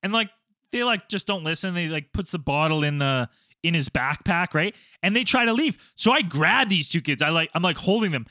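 Animated high-voiced man telling a story. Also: fairly quick, no echo, clean studio sound. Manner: animated, acts out quotes, swears a lot. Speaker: storyteller, former teacher abroad. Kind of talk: casual storytelling among friends.

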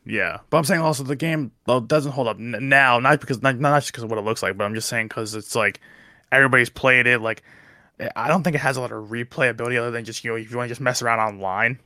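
Young male co-host, bright and dry, relaxed and halting delivery. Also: medium pitch, no echo. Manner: relaxed, hesitant, repeats words while searching. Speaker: podcast co-host. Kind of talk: casual chat.

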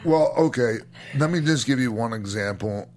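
Animated and darkish in tone, this middle-aged ex-wrestler talks at normal speed in a mid-range voice. Co-hosting a podcast, he shares old stories in a relaxed, enthusiastic chat, cursing freely and often starting sentences over.

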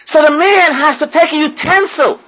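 Woman preaching to a room of women, high voice, keeps repeating herself, fired up. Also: normal speed, fairly bright tone, rough recording. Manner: impassioned, repeats phrases, asks the audience questions. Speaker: religious teacher. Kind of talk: lecture to a women's audience.

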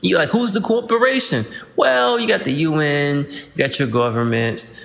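A man's voice: fairly high pitch, big pitch swings, moderate pace, gravelly, fairly bright tone. Rambling slangy man in a reverberant room. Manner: loose, rambling, slangy, breaks into rhymes. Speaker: podcast host. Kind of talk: casual monologue.

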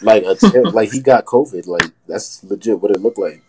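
Young male streamer, very low voice, slangy laid-back banter on a phone mic, light hiss. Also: normal speed. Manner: loose slang-heavy banter, laughs often. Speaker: TikTok live host. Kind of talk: casual chat.

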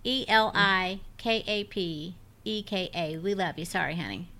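A woman's voice: on the low side, unhurried, sharp tone. A woman co-hosting a podcast, chatting cheerfully and affectionately with listeners. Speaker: podcast co-host. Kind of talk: casual chat.

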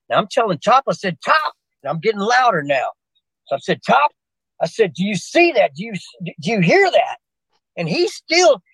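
An older man spins a long, meandering anecdote. He digresses, restarts phrases, and keeps calling out to the host. His voice sits a bit high, and the sound is dry and close with no room around it. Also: a bit bright, dry recording, low-quality recording. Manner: digressive, restarts often, addresses the host by name. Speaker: guest telling a personal story. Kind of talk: rambling spoken anecdote.

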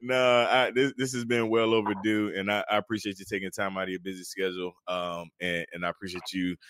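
Chill podcast host guy, real deep voice, dry mic, laughs a lot. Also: level tone, fairly quick, a bit bright, smooth, no room sound. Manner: laid-back, joking, laughs often. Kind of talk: casual podcast conversation.

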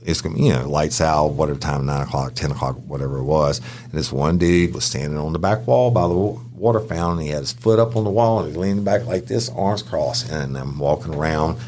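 Deep-voiced man telling stories. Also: fairly quick, slight background noise. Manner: profane, animated anecdotes with acted-out quotes. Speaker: podcast co-host, former prison guard. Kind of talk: casual storytelling.

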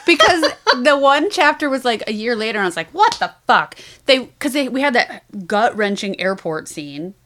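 A woman's voice: a little high, expressive, moderate pace, hardly any pauses, fairly bright tone. A woman co-hosting a book podcast in casual chat, telling stories with animation and acting out quotes. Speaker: podcast co-host.

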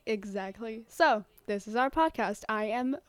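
A woman's voice: on the high side, lively intonation, measured pace. A young woman co-hosting a podcast over a video call, holding a mic in her hand, giggly and playful. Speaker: podcast co-host. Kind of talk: casual chat. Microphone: handheld mic on a video call.

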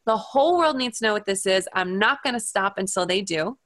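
A woman's voice: medium pitch, animated, fairly quick, fairly bright tone, no echo. A woman in her thirties telling a dramatic story as a guest in an interview, acting out quotes and laughing often. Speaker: hypnotherapist, guest.

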